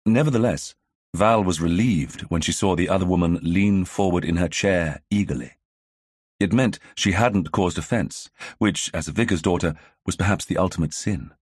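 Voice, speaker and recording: A man narrating an audiobook in a measured, even storytelling manner. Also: low voice, breathy edge, no room sound, studio quality. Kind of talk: scripted narration.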